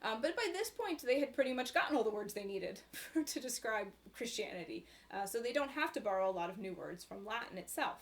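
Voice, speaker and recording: A woman's voice: fairly high pitch, animated, fairly quick, hardly any pauses. Woman lecturing casually, fillers and tag questions. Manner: conversational teaching with many fillers and tag questions. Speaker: university lecturer. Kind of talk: recorded lecture.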